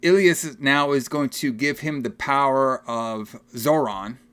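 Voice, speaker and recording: A young man co-hosting a podcast, recapping a movie in casual, animated chat and laughing often. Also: mid-range voice, clean tone. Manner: animated, laughing, acts out film lines in quick voices. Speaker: podcast co-host.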